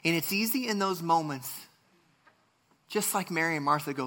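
A man's voice: fairly high pitch, normal speed, pauses often, pushed and bright. A man preaching a sermon, reading scripture and speaking earnestly, with frequent restarts and passionate rises. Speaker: pastor.

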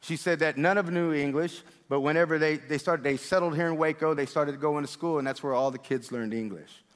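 A man preaching a sermon and telling stories, animated and repeating words as he gets excited. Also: on the high side, a little fast, long reverb tail. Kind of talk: sermon storytelling. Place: church hall.

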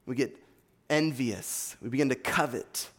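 A husky, medium-pitched male voice at a measured pace preaches a sermon. The pastor, who has an East Coast American accent, reads scripture and earnestly pushes his arguments, heard through long hall reverb.

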